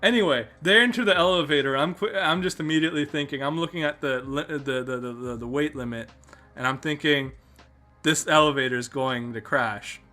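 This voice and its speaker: A man's voice: fairly high pitch, fairly quick, sharp tone, faint music behind. A man with a Canadian accent hosting a podcast, telling a travel story in a rambling way with many restarts and fillers. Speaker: podcast host.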